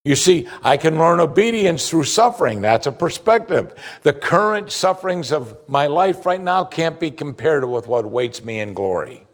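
A man preaching a sermon as pastor, animated, acting out the voices he quotes. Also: on the high side, normal speed, hardly any pauses. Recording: hall reverb.

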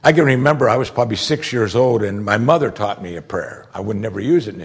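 A man delivering a sermon in a conversational way, his voice a little husky. He explains passages patiently, then climbs high in pitch when he presses a point hard. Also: expressive, quick pace. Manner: conversational preaching, rises sharply when emphatic. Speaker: pastor.

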